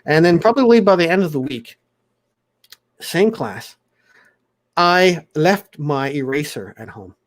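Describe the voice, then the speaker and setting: A man's voice: on the high side, animated, unhurried, long pauses. A man in his forties from South Africa, hosting a casual livestream chat and telling rambling stories with frequent restarts. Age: 40s. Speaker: livestream host.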